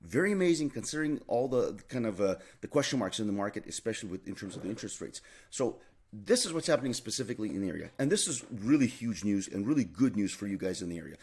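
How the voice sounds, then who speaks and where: A man with a fairly low voice walks viewers through a housing market update at a brisk clip. He is emphatic, repeats his main points for weight, and fills pauses with "uh" and "um". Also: big pitch swings, a little mellow, breathy edge. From Canada. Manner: emphatic, repeats key points, many fillers. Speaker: realtor.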